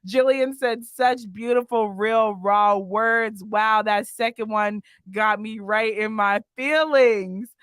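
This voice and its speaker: A woman's voice: mid-range voice, steady tone, slow pace, few pauses, a bit bright, clean tone, no echo. A woman hosting a live-stream interview, effusive and emotional, reading viewer comments aloud. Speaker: podcast host.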